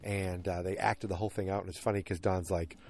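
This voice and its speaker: A man's voice: low voice, little pitch movement, fast, creaky, darkish tone. A man hosting a podcast who recaps a TV episode in a rambling, chatty way with many fillers. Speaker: podcast host.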